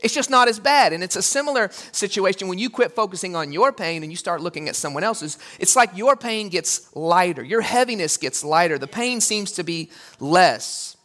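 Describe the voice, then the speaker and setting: A man preaching a sermon as pastor, animated and acting out quotes with sudden jumps in pitch. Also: moderate pace.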